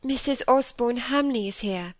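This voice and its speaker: Woman voicing a gentle earnest young lady. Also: on the high side, moderate pace, no room sound, lightly acted.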